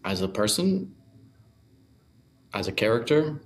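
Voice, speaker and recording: A man's voice: lowish voice, big pitch swings, measured pace. A young man co-hosting a podcast, chatting casually in a hesitant, self-deprecating way. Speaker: podcast co-host. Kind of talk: casual chat.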